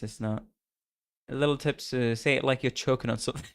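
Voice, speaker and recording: A man's voice: medium pitch, fairly even intonation, brisk, gravelly. A man streaming a story game, chatting casually in a playful, self-mocking way and laughing often. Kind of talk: casual live-stream chat while reading a game story.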